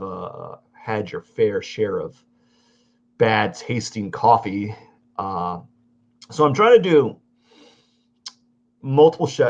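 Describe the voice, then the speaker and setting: Rambling low-voiced man live-streaming. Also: creaky. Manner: rambling, chatty, self-correcting. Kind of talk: casual live-stream chat while drawing. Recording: dull lo-fi audio.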